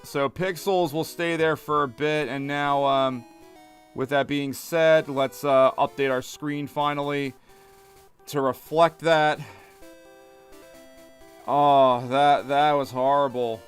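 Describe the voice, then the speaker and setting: A man's voice: fairly high pitch, steady tone, takes it slowly, smooth, faint music behind. A man giving casual commentary over a video game, hesitant and stammering, often repeating words. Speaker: gaming video host.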